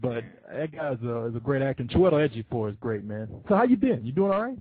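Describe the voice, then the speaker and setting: A man hosting a call-in show, chatting casually with callers in an excitable, joking way. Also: medium pitch, quick pace, narrow, tinny audio.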